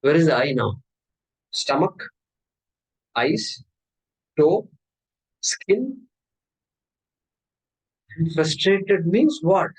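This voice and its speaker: Guy giving a spiritual talk, keeps firing questions at the class, pretty animated. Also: on the high side, extremely slow, pauses often, slightly rough, rough recording. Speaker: spiritual teacher. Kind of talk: Vedanta discourse.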